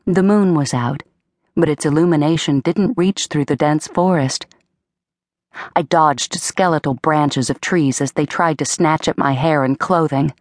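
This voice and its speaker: A woman narrating an audiobook in a measured, dramatic first-person storytelling manner, on a close studio mic. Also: sits low, darkish tone, no echo. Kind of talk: scripted narration.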